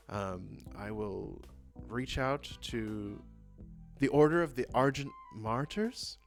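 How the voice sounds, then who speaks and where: A man voicing an overworked male elf doctor in a tabletop game, speaking in a precise, clinical and exasperated way. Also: mid-range voice.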